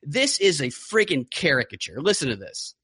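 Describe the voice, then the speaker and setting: A man with a somewhat high voice hosts a political podcast. He speaks with a sarcastic edge and lines up clips to comment on. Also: very animated, moderate pace, pushed and bright, husky. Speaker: podcast host. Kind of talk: casual political chat.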